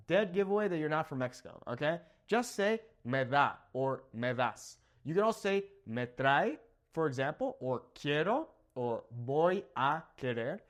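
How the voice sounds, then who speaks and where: A young man from Southern California giving an energetic vocabulary lesson to the camera, jumping between high emphatic words and low asides. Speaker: Spanish teacher.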